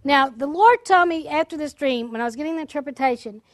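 Woman, high voice, dry close sound, testimony sermon, lively storyteller, preacherly exhorting. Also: fast, dry recording. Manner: lively storytelling, acts out quoted speech. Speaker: prophet speaking to a church audience.

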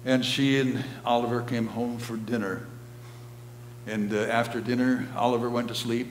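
A man preaching a storytelling sermon, unhurried, who often drops to a quiet, low voice. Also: little pitch movement. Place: church sanctuary. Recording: roomy church echo, faint hum.

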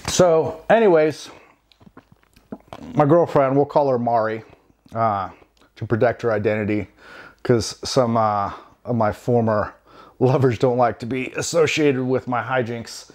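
A man from the United States, perhaps in his thirties, tells a story from home in a casual, meandering way. His delivery is wry and self-deprecating, full of ums and asides, at a middling pitch. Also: measured pace, pauses often, darkish tone. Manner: rambling, wry, self-deprecating, many fillers.

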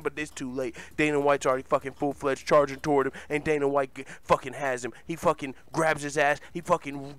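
Profane, animated male storyteller. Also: fairly high pitch, a little fast, hardly any pauses, no room sound. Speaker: host. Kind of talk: comic fantasy storytelling.

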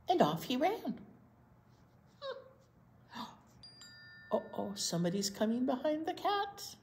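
A woman reading a picture book to small children, her voice rising and falling with great animation. She takes her time, stopping to ask little questions, in a room with a clear echo. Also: sits high, very animated, slow, long pauses, a little mellow. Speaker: children's librarian. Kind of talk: picture-book read-aloud storytime.

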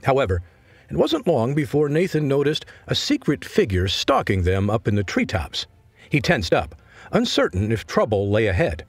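A man narrating an audiobook as scripted narration, in an expressive storytelling manner. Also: medium pitch, normal speed, breathy edge, dry recording, faint music behind.

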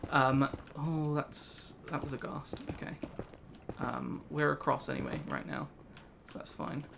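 A man's voice: a little high, fairly even intonation, a little slow, creaky, background noise. A young British man hosting a casual gaming video, rambling through a story with laughs. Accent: British English. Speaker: gaming channel host. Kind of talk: casual let's play chat.

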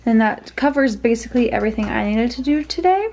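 A woman's voice: fairly high pitch, animated, fast talker, a little mellow, slight background noise. A young woman vlogger talking casually through her day, chatty and saying "y'all" often. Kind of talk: casual vlog chat.

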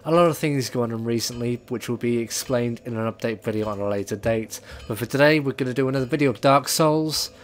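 A man hosting a casual let's-play, excitable and swearing at the game. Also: mid-range voice, fairly quick, hardly any pauses, a little hiss or hum. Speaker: gaming video host.

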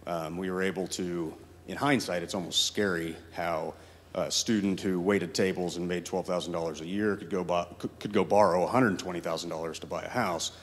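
A man's voice: low voice, fairly even intonation, fairly quick. A man giving a presentation to an audience, with dry, self-deprecating humor. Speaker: guest speaker, brewery founder. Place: university hall. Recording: hall reverb from a room mic.

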